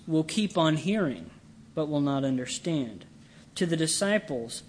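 A man preaching a sermon in a slow, deliberate way, leaning on his words for emphasis. His voice sits fairly high for a man. A faint hum of room ambience runs underneath.

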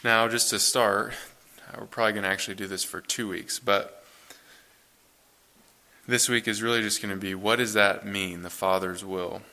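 A man in his thirties, a pastor, reading scripture and then preaching in a relaxed, conversational way in a church. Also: on the low side, moderate pace. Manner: conversational, relaxed, self-correcting.

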